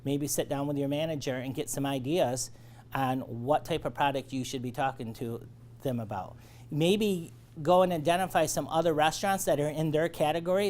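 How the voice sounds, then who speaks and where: A man's voice: a little high, a little mellow, a little hiss or hum. A man leading a sales training lecture, coaching and checking in often with his listeners. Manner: coaching, checks in with "all right?".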